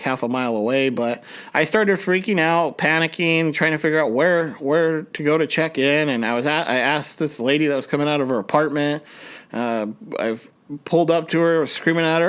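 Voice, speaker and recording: A young man hosting a podcast, telling a personal story in a rambling way with many restarts, his voice jumping up when he acts out his panic. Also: moderate pace. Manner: rambling, frequent restarts, voice jumps high when reenacting panic. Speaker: podcast host.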